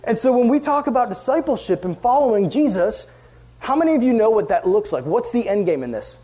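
A young man preaching a casual youth group sermon, animated and playful, acting out quoted voices. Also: very high voice, fairly quick. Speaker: youth pastor.

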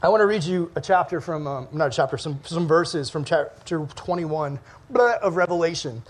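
A man with a notably high voice gives a relaxed sermon to a room of teenagers. He talks like a friend, cracking jokes at his own expense and laughing as he goes. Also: normal speed. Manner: chatty and joking, laughs often at himself. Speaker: youth pastor.

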